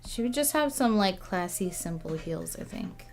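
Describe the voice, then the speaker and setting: A young woman chatting casually while she draws on a livestream, musing softly and now and then gushing thanks to viewers. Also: lowish voice, gravelly, faint music behind. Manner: soft, musing and slow, bursting into excited gushing thanks. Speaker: artist streaming a drawing session.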